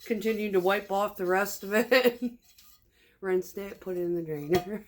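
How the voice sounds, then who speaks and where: A woman's voice: medium pitch, measured pace. A woman vlogger chatting casually at home, rambling, swearing a lot and laughing often. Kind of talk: casual chat while sewing. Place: home kitchen.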